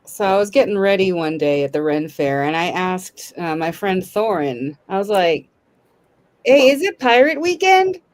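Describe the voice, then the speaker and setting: A woman playing as a contestant on a comedy game show, chatting and telling a story in quick bursts. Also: fairly low pitch, a little mellow. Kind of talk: casual storytelling.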